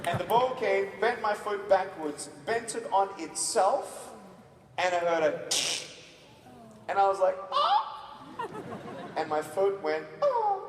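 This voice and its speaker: A motivational speaker in his thirties with an Australian accent, who gives a lively stage speech, acts out scenes and calls on the audience to answer. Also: high-pitched, measured pace, background noise. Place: large conference hall. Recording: distant, echoey hall recording.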